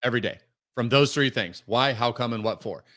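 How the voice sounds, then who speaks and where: A man's voice: mid-range voice, fairly quick, fairly bright tone. A man talking casually as a podcast guest, telling stories full of "like" fillers. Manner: storytelling, many fillers like "like".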